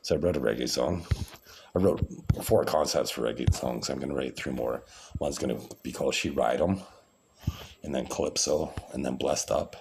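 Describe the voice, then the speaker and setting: A man's voice: rumbling low, moderate pace, creaky, background noise. A man talking to camera in a rambling, grandiose vlog monologue, with frequent restarts and repeated words.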